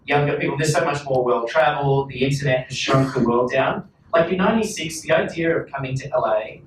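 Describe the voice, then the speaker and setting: An Australian man in his forties, with a mid-range voice, is a panel guest at a public talk in a large hall. He tells rambling, self-mocking stories in casual conversation. The recording is echoey and distant, with faint ambience and slight background noise.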